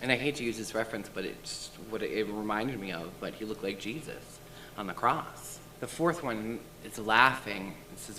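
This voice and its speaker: Intense man with a bright, forceful voice. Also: lowish voice, moderate pace, slight background noise, low-quality recording. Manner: intense, shaken retelling. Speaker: interview guest. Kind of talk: emotional first-person testimony.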